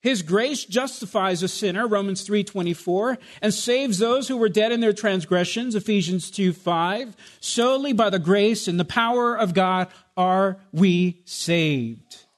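A man's voice: high-pitched, measured pace, hardly any pauses. A man pastor preaching a sermon with emphatic rhetorical questions, addressing his congregation as "my beloved.". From Spanish heritage.

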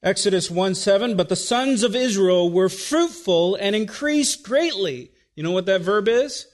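Male pastor, high-pitched, expository preaching, teacherly, checks in with listeners. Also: expressive, measured pace. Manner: teacherly, repeats okay to check listeners, dry asides. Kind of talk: expository sermon.

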